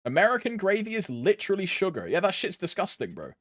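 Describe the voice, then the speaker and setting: A man's voice: sits high, wildly swooping pitch, quick pace, a bit bright, dry recording. A game streamer chatting with sweary, laddish banter. His voice swings widely up and down as he talks. The sound is close and dry, with no room around it. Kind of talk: casual live stream chat.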